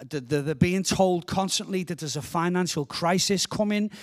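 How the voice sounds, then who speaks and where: Preaching in a church as a guest speaker, this middle-aged man from England is fervent and earnest. He has a high-pitched voice and a moderate pace, and he tends to repeat words while working up to each point.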